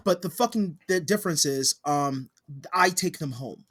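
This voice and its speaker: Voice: medium pitch, normal speed, fairly bright tone. A podcast co-host who speaks bluntly and swears heavily in casual chat.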